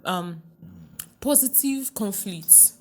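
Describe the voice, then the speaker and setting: Her pitch sits in the middle and she takes her time as she answers questions on a podcast. She's a middle-aged Nigerian woman, a relationship coach, lively in manner, laughing often and asking whether the listener gets it.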